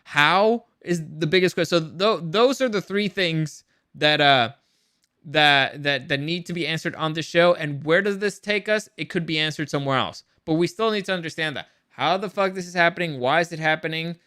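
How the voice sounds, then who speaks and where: Male reviewer, casual and speculative, restarts often; pitched a bit high, with a bright, sharp tone. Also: moderate pace. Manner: rambling, many restarts and repeated words; excited, speculative. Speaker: show reviewer.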